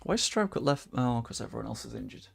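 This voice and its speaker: A young man casually commentating a livestream while he plays, chatty, swearing freely and reacting loudly to the game. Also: mid-range voice, big pitch swings, fast talker, vocal fry, husky. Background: faint background music.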